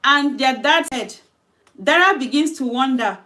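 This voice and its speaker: Woman, fairly high voice, informal storyteller reading her own tale, chatty and unpolished, restarts lines. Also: a little slow, bright, forceful tone. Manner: loose, conversational retelling with self-corrections.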